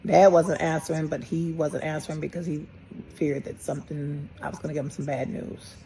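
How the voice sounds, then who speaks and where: Low mellow lady, middle-aged, halting storytelling, little bit of hiss. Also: level tone, low-quality recording. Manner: plain, halting retelling with quoted dialogue. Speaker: grieving mother. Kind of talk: personal storytelling.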